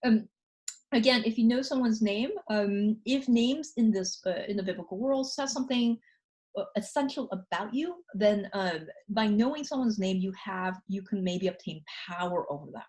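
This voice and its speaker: A woman lecturing a university class in a casual way, often checking in with "okay?" and reading scripture passages aloud quickly. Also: medium pitch, darkish tone. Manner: conversational, frequent "okay?" and "you know" fillers. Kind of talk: recorded college lecture.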